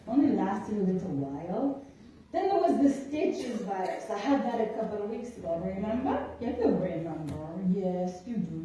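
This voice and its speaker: A woman's voice: a little high, mellow, far from the mic, a little hiss or hum. A woman playing a chatty older mother who fusses over her chubby puppy, rambling in a put-on foreign accent in a comic parody skit. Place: large church sanctuary. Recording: echoey church hall recorded from afar.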